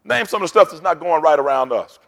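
A man's voice: a little high, animated, quick pace, gravelly, fairly bright tone. Man preaching in a reverberant church hall. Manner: rousing, call-and-response preaching. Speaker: pastor. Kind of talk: sermon.

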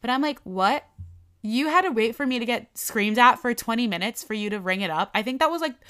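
Bright-voiced young woman telling a story. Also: a little high, fairly quick, clear, resonant tone. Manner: animated, lots of "like", acts out quotes. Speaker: storyteller recounting a work incident. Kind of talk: casual chat.

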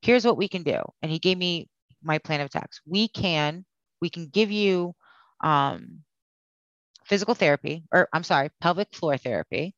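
A woman's voice: lowish voice, lively intonation, moderate pace, no echo, highs cut off. Blunt, candid woman telling her story. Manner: blunt, swears, acts out quoted dialogue. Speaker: guest sharing her health story.

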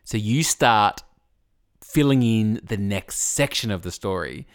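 A man, co-hosting a casual chat with playful, animated storytelling. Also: fairly low pitch, measured pace, clean tone, no room sound, studio quality. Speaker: podcast co-host.

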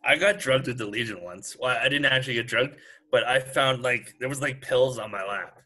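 A man's voice: medium pitch, moderate pace, bright, forceful tone, poor audio. A man in casual chat, telling a story in a matter-of-fact way with some swearing.

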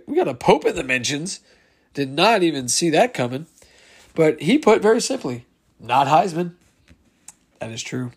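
Man, higher-pitched voice, solo podcast host, casual chat, reading listener replies aloud, chuckling.

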